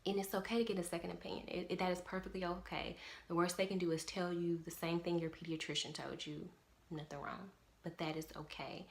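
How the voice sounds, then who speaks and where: An earnest young woman speaking straight to camera in a casual vlog, leaning hard on her points with emphasis. Her voice sits a little low for a woman. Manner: earnest, emphatic, repeats "definitely". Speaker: parent vlogger.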